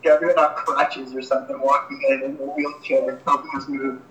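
A man's voice: mid-range voice, little pitch movement, brisk, a bit bright, dull audio. A young man, a podcast co-host, teasing his friend in casual, jokey banter. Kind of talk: casual chat. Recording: echoey room.

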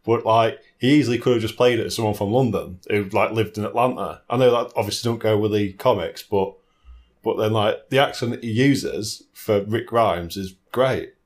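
A man with a lowish voice talks casually about films as a co-host. He rambles in a relaxed way, leaning on filler words as he thinks. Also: normal speed. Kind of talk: casual film review chat.

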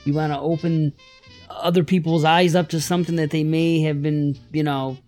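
A man's voice: fairly high pitch, flat delivery, normal speed, a little mellow, soft background music. A man from Buffalo, New York, co-hosting a casual podcast, telling stories emphatically and with animation. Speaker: podcast co-host.

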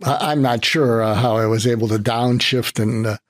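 An older man, a psychiatrist guest, telling an animated anecdote in an interview and acting out the voices in it. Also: mid-range voice, normal speed, no echo. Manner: animated anecdote teller, acts out his own lines. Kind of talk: storytelling in interview.

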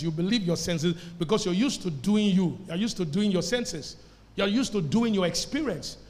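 High-voiced pastor preaching in an echoey hall. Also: male voice. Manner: emphatic preaching, call-and-response with the congregation. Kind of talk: sermon. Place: church service before a congregation.

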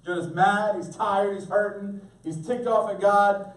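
A man preaching a sermon as pastor, animated, acting out voices for humor. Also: sits high, measured pace. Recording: echoey room, voice from a distance.

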